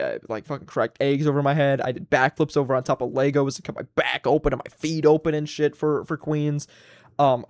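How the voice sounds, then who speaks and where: A man's voice: fairly high pitch, no echo, clean studio sound. A man in his twenties hosting a solo livestream, ranting casually and with plenty of profanity. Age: 20s. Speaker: livestream host.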